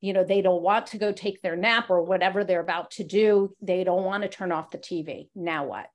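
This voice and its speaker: A woman's voice: fairly low pitch, a little fast. A woman hosting a casual podcast interview, asking long, searching questions full of fillers and backchannels. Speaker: podcast host.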